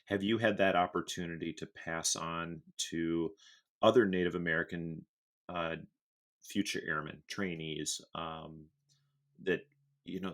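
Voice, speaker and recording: A middle-aged man interviewing a guest, asking measured, reflective questions. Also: sits low, a bit bright. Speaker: interviewer, senior enlisted leader.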